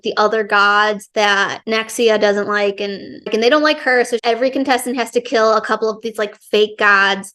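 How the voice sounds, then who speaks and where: A woman's voice: on the high side, a bit bright. A young woman giving a casual, enthusiastic book review, chatty and full of fillers.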